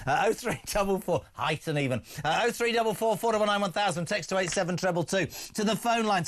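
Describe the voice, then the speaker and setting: A man's voice: sits high, fast talker, few pauses. A man hosting a radio phone-in show, joking with callers and then ranting with strong opinions, speaking from a studio. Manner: jokey, puts on voices, opinionated rants. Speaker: radio talk show host.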